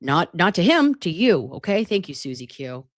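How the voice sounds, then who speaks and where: A woman's voice: fairly low pitch, very animated, normal speed, no echo. Brief: woman host, casual commentary, heated and profane, chatty with viewers, dry close sound. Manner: profane, heated ranting with sudden asides; chatty, addresses viewers directly. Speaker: host of a case news commentary show.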